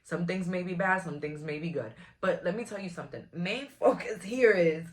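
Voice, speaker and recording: A woman's voice: on the low side, moderate pace, few pauses. A woman, giving a casual, frank tarot reading to camera in a chatty, blunt way. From Brooklyn, New York. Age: 20s. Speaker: tarot reader.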